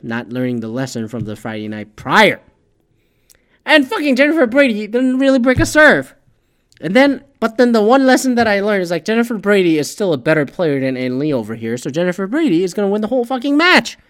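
A man with a slightly higher voice rants casually about his own bad calls, swearing freely and mocking himself. He drops into low mutters, then flares up into loud outbursts. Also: clear, resonant tone. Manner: profane, self-mocking, swings between mumbling and loud outbursts. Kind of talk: casual ranting monologue.

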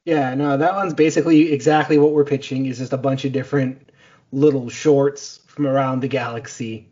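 A man co-hosting a podcast, pitching ideas in quick, enthusiastic run-on sentences. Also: steady tone, darkish tone, dull audio. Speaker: podcast co-host. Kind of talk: casual chat.

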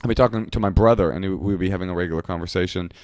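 A man's voice: low voice, racing, darkish tone. A man co-hosting a casual podcast, joking and wry, often breaking into laughs. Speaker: podcast co-host.

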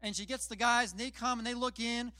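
A man's voice: very high voice, steady tone, fairly quick, pushed and bright, no echo. A man preaching a casual sermon, retelling scripture in plain, chatty storytelling with self-deprecating asides. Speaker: pastor.

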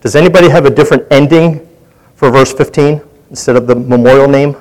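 A man's voice: mid-range voice, fast, darkish tone, poor audio. A man leading a Bible study, teaching in a conversational way and putting questions to his group.

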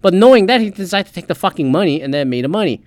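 A man's voice: high-pitched, expressive, rapid-fire, a little mellow, no echo. A man hosting a podcast, ranting heatedly in casual solo commentary and swearing often. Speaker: podcast host.

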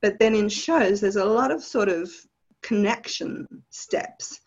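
A woman from Australia with an Australian accent, telling stories from her past as a guest in an interview with animated, vivid detail. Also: mid-range voice, takes it slowly, slightly rough, dull audio. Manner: animated, vivid storytelling with laughs. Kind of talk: storytelling in a podcast interview.

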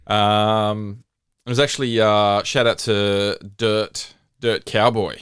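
A man with a smooth, low voice cracks dry jokes in casual podcast chat, filling gaps with ums and uhs. His voice sounds close and dry. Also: steady tone, slow pace, fairly bright tone, no room sound. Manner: dry wisecracking, lots of fillers. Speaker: podcast co-host.

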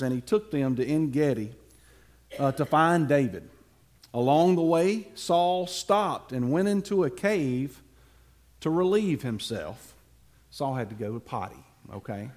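A man preacher telling a Bible story to his congregation, with playful asides to the listeners and dramatic pauses. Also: a little high, animated.

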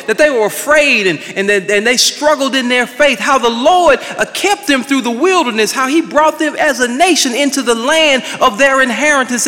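A male pastor preaching an impassioned sermon, swinging between loud declarations and hushed passages. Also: extremely high pitch, big-room sound.

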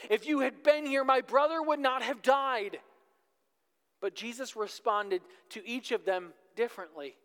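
A man's voice: very high voice, a bit bright, clean tone, big-room sound. A man preaching a sermon, reading scripture aloud and breaking off to urge the congregation to take note. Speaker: pastor. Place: church sanctuary.

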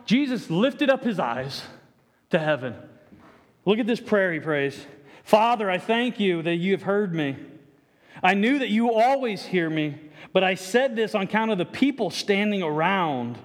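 A man preaching a sermon with earnest, stammering restarts, acting out the quoted lines. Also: sits high. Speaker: pastor. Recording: echoey hall reverb.

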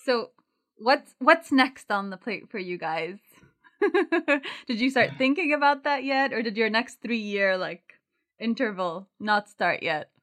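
A woman's voice: a little high, expressive, slow pace, fairly bright tone. A woman co-hosting a board game podcast who chats casually, asks the guests questions and giggles. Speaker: podcast co-host.

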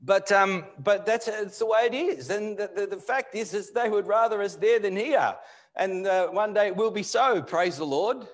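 Impassioned higher-voiced male pastor preaching. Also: moderate pace. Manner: impassioned, swinging between loud emphatic bursts and low, quiet asides. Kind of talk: live sermon. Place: church hall.

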